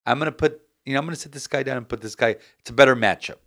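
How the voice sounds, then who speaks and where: Animated man chatting about sports. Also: mid-range voice, very fast. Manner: animated, rambling, frequent restarts. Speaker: podcast host. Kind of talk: casual sports chat.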